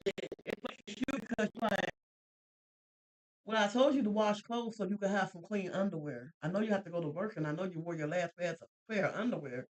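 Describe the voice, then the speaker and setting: A woman's voice: medium pitch, fairly quick, poor audio. Chatty woman podcast co-host. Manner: chatty, repeats herself, laughs easily. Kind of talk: casual faith podcast chat.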